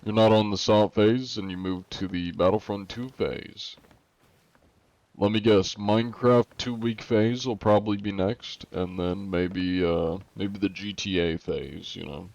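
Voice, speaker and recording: Laid-back male streamer, lowish voice. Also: fairly even intonation, measured pace, creaky, darkish tone, dry recording, muffled recording. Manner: laid-back, joking, reads chat questions aloud. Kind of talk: casual chat with viewers while gaming.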